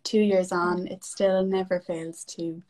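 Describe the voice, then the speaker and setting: A young adult actress in casual chat, effusive and rambling, full of fillers and restarts. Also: female voice, fairly low pitch, level tone, measured pace, darkish tone. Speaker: actress guest. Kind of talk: casual chat among actors.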